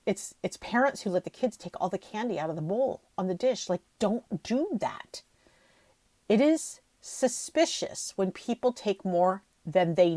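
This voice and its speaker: A woman's voice: lowish voice, darkish tone, no room sound. A middle-aged woman hosting her own podcast, talking emotionally and rambling, often near tears. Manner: rambling with frequent restarts. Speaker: podcast host. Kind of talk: emotional solo podcast talk.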